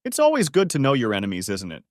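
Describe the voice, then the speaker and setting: A man's voice: mid-range voice, huge pitch swings, fast talker, dry recording, studio quality, voice pushed up. A man voicing a charming, confident young French wife who teases and persuades with poise. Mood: teasing.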